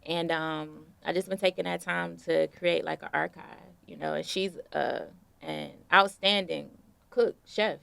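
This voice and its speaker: Woman, low voice, heavy vocal fry, laid-back storytelling, dry sound. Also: measured pace, no room sound. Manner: relaxed storytelling with many fillers. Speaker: interview guest, artist. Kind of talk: casual conversational interview.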